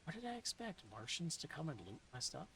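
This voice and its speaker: A woman reading a novel aloud in a soft-spoken ASMR style, slipping into whispers now and then, with dry, deadpan humor. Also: low-pitched, fairly quick, vocal fry, slight background noise, low-quality recording. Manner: soft, dips into whispers at times.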